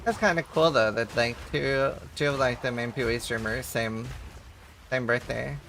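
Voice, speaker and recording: A man's voice: medium pitch, moderate pace, vocal fry, a bit bright, slight background noise. A man chatting casually and joking with viewers while streaming a game. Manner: joking, chatty, laughs often.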